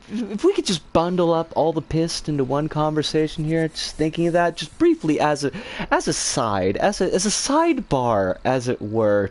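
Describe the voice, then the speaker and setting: A middle-aged streamer chatting with viewers on a livestream, ranting in an exasperated, profane way with frequent sighs and laughs. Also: mid-range voice. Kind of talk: livestream chat, responding to viewers.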